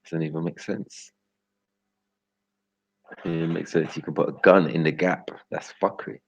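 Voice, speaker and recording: Very deep gravelly man, lo-fi. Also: fairly even intonation, measured pace, no echo. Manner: street slang, rambling, laughs often. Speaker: livestream host. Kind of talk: loose live-stream banter with chat. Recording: dull lo-fi stream audio.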